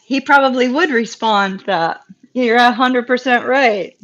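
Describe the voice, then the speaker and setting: Southern woman tarot reader, bright higher voice, warm chatty reassurance, muffled live-stream sound. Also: moderate pace. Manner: chatty, reassuring, laughs often. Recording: dull lo-fi live-stream audio.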